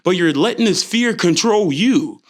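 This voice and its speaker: A young man talks through his solo podcast in a loose, playful way and keeps slipping into little quoted voices. His pitch sits a bit high and swings widely from line to line. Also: expressive, normal speed. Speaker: podcast host. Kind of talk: solo motivational podcast talk.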